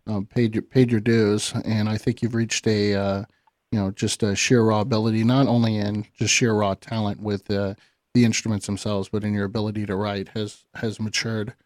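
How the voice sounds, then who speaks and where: Host: man, mid-pitched, friendly casual questioner, dry close sound. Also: level tone, normal speed, a little mellow, dry recording. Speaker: interviewer host. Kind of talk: casual interview chat.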